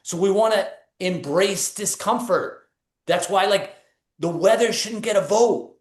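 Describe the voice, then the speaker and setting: Male performance coach, 30s, New England accent, energetic storyteller, raised pitch, roomy echo. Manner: energetic storytelling, casual fillers. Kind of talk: motivational webinar talk.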